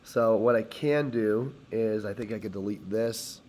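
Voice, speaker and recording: A hoarse man teaching, talking step by step through a screen-recorded CAD tutorial as he clicks. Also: fairly low pitch, a little slow, a little mellow, a little hiss or hum. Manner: step-by-step, talks while clicking.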